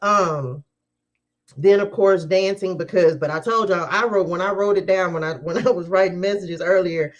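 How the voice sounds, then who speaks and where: Woman tarot reader hosting a live stream; casual, lively, laughing, talks to the viewers. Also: fairly low pitch, normal speed, muffled recording. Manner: chatty, animated, laughs often, talks straight to viewers.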